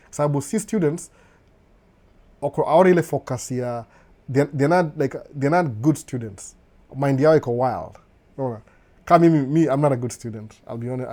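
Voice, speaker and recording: A middle-aged Kenyan man hosts a relaxed live stream, answering viewer comments as they come in. His voice is mellow and even, and his talk moves freely between Swahili and English. He often brushes things off with a quick "no, no" and a chuckle. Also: mid-range voice. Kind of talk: casual live chat reading viewer comments.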